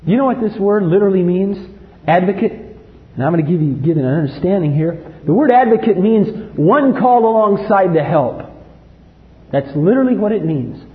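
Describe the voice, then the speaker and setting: A man preaching a sermon, emphatic, swinging from loud outbursts to low quiet lines. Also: lively intonation, moderate pace. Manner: emphatic, rises to loud acted outbursts then drops low. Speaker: pastor. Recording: echoey hall, dull lo-fi sound.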